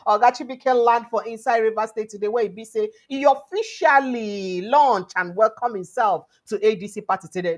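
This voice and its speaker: A woman from Nigeria hosting a political talk show, speaking in Nigerian Pidgin and English, with animated commentary and lots of rhetorical questions. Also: medium pitch, fairly quick. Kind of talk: lively news commentary.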